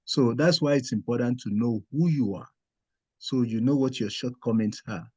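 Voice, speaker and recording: A man's voice: mid-range voice, moderate pace, warm tone, breathy edge, no room sound, dull audio. A man, a department leader, giving an answer on a panel discussion in an emphatic way that halts at times.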